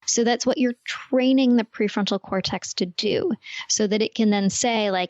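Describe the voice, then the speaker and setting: A woman's voice: medium pitch, normal speed, no echo. Woman explaining neuroscience in a dry, dull recording. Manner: clear, explanatory, uses everyday analogies. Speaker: neuroscientist guest. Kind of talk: podcast interview, explaining.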